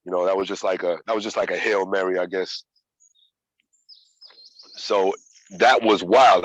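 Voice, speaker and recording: Man, 30s, low voice, dry close mic, candid and profane storyteller. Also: steady tone, moderate pace, pauses often, fairly bright tone, dry recording, rough recording. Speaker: yoga practitioner sharing his story. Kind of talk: casual personal storytelling.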